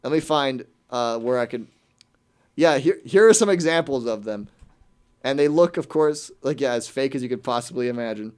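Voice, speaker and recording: A man hosting a radio show, ranting in a quick, exasperated way and putting on mock quotes during casual chat. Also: medium pitch, a little mellow, clear, resonant tone.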